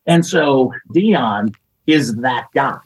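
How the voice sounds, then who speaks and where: A man with a very husky, breathy voice tells stories as a podcast guest. He jumps between anecdotes and acts out what other people said, chuckling along the way. His pitch sits in a mid range. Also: very slow, low-quality recording. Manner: lively anecdotes with acted quotes and laughter. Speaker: guest, executive search consultant. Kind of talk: storytelling in a podcast interview.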